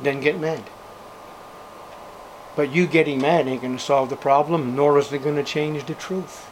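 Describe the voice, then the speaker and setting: An older man preaching a sermon at a church service, fervent, swinging between loud outbursts and hushed passages. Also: a little high, fairly even intonation, normal speed, slight background noise, poor audio.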